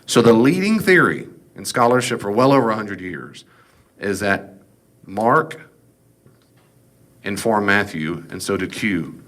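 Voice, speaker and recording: Guy with a lowish voice giving a loose rambling bible lesson, jokes on the side. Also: animated, unhurried, long pauses, a bit bright. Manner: folksy, digressive, joking asides. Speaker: Bible teacher. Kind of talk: informal classroom Bible lecture.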